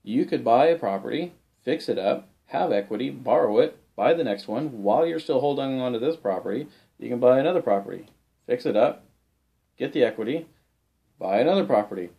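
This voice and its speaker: A man's voice: mid-range voice, lively intonation, brisk, vocal fry, highs cut off. A man who invests in real estate, answering a viewer's question in casual talk, plain-spoken and walking through examples step by step with frequent "uh"s and restarts. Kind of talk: casual explanatory talk to camera.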